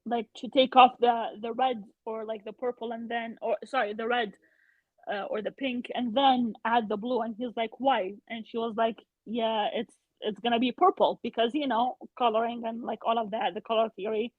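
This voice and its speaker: Brief: high, husky woman guest over a thin phone-like line, retelling stories with lively quoted voices. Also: normal speed, no room sound. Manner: animated retelling, acts out quotes. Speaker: podcast guest. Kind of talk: casual storytelling chat. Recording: tinny phone-like remote call.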